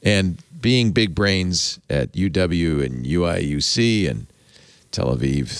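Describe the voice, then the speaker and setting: A man's voice: low-pitched, lively intonation, slow pace, clear, resonant tone, no echo. A man hosting a tech podcast, talking casually and rambling, often correcting himself and chuckling. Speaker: podcast host.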